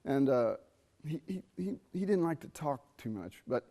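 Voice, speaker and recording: A man's voice: fairly high pitch, lively intonation, moderate pace, mellow. A middle-aged man giving a jazz trumpet masterclass in a conversational way, quizzing his listeners and singing out rhythms. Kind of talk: masterclass talk. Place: university theatre stage.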